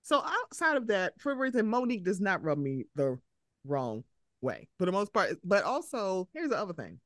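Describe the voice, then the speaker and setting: A young woman from Baltimore hosting a podcast, chatting casually and profanely, acting out quotes with animated energy. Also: mid-range voice, normal speed, no echo, studio quality. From Baltimore, USA. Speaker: podcast host. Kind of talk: casual chat. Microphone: podcast mic.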